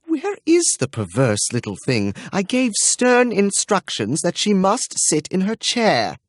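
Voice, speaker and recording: A man's voice: on the high side, huge pitch swings, unhurried, breathy edge, dry recording, studio quality, pitched above the performer's own voice, full character voice. A man voicing a fretful, spiteful stout governess who complains in a moaning contralto. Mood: whining. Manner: whining, hand-wringing complaint.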